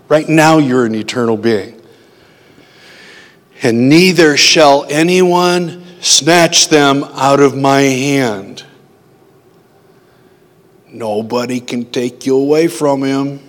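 A man preaches a sermon conversationally, often putting questions to his listeners, with a long hall reverb on the sound. His mid-range voice is slow, and he pauses often.

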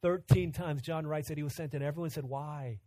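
A man in his thirties preaching a sermon, telling stories conversationally and swinging from loud urgent bursts to hushed quiet. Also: on the high side, fairly even intonation, a little fast, no echo. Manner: storytelling, conversational. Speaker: pastor.

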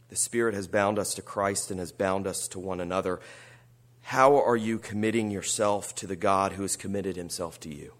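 A man preaching a sermon, earnest, moving between quiet reflection and rising, emphatic appeals. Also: sits low, moderate pace. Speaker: pastor.

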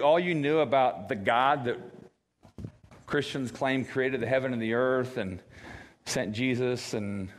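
A pastor preaching a sermon, acting out quoted voices in a high wail and a grave low tone. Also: male voice. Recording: long reverb of a church hall.

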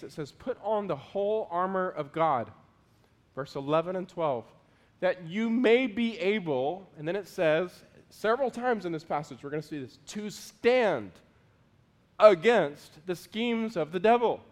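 A man preaching a sermon as pastor, earnest, moving between loud pleading prayers and quiet asides. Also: high voice, animated, unhurried. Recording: long hall reverb.

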